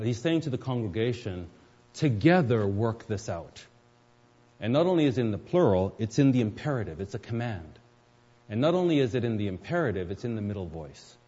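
A man's voice: lowish voice, dark tone, husky. A male pastor preaching a sermon to his congregation, explaining scripture step by step and addressing the listeners directly. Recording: dull, lo-fi recording with long hall reverb.

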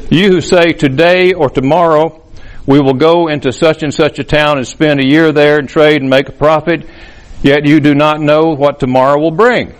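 Man preaching a measured Bible sermon. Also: medium pitch, low-quality recording. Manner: measured, explanatory, reads scripture aloud with emphasis. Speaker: pastor.

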